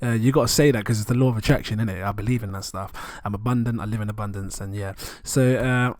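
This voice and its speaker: Excitable man vlogging. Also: fairly low pitch, fast, no room sound, studio quality. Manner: excitable, rambling, chuckles often. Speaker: crypto vlogger. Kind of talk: casual vlog commentary.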